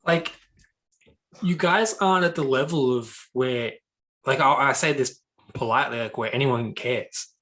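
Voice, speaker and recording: A man's voice: mid-range voice, unhurried, pushed and bright. Man asking careful, hedging questions. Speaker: interviewer, podcast host. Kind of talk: casual interview chat.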